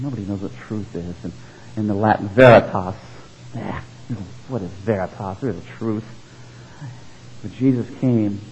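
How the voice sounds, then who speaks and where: A man's voice: mid-range voice, breathy edge, dull audio. A man preaching a sermon as pastor, telling stories and acting out the voices in them. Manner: animated storytelling, acting out voices.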